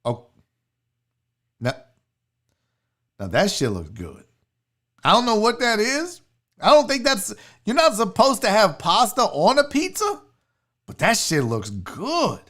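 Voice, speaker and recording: The young sports show host's voice is high-pitched and fairly bright, swinging hugely in pitch while he speaks slowly and pauses often. On his casual livestream, he rants about food with profane, rowdy, mock-angry outbursts.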